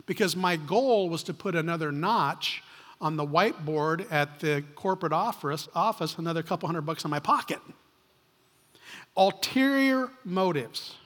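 A man's voice: on the high side, normal speed, a bit bright. A man preaching a sermon from a church stage, telling stories in a conversational way with frequent restarts. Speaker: pastor. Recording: long hall reverb.

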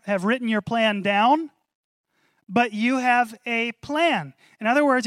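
A man preaching a sermon to a congregation, animated, repeating key phrases and calling for responses. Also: high-pitched, dry recording, studio quality. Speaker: pastor.

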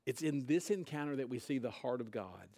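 A man's voice: mid-range voice, animated, fairly quick, dark tone. A man preaching a sermon, retelling a scripture story in casual, conversational words. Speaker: pastor.

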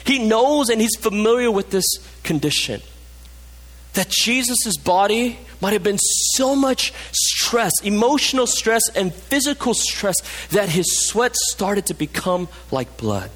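Casting: male pastor, fairly high voice, passionate preaching that sinks to a hush on key points, church hall reverb. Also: very animated, measured pace. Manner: passionate, drops low and soft for emphasis. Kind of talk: sermon.

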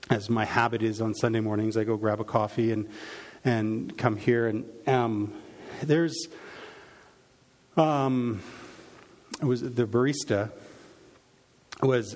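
A middle-aged man, a pastor, preaching a sermon in a relaxed storytelling way, full of restarts and fillers. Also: mid-range voice. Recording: reverberant hall.

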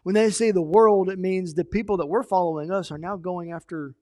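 A male pastor preaches with a lively, animated delivery, jumping from loud emphasis down to hushed asides. His voice sits high for a man. The sound is dry and close, with no room echo. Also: brisk. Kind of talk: sermon.

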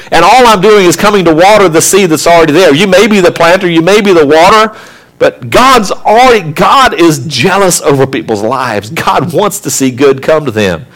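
A man's voice: high voice, a bit bright. A middle-aged man preaching a sermon. His voice often rises in emphasis, and he briefly imitates children and mothers. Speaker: pastor.

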